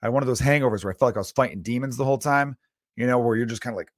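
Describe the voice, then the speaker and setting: A man hosting a comedy podcast, telling a long profane story in an animated, casual rant and acting out his own inner voice. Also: medium pitch, rapid-fire, no room sound, clean studio sound.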